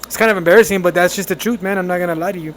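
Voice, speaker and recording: Young man, podcast co-host, high voice, animated, casual storytelling. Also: racing. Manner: animated, laughs while telling family stories.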